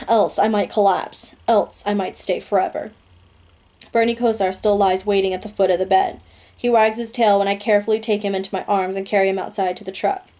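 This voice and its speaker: A woman reading a novel aloud in a steady, earnest storytelling manner. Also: mid-range voice. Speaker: audiobook reader.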